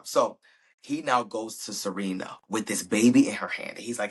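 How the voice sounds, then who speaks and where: A man with a husky, slightly breathy voice talks through a TV episode recap. His delivery is chatty and slangy, and he slips into little acted-out quotes as he goes. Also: fairly low pitch, moderate pace, a bit bright. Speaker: podcast host.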